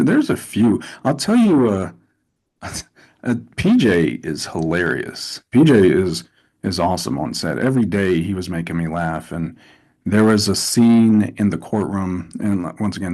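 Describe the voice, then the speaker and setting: A man in a casual interview, telling animated stories with lots of restarts and asides. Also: low voice, breathy edge. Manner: animated storytelling with repeated restarts. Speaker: actor, interview guest.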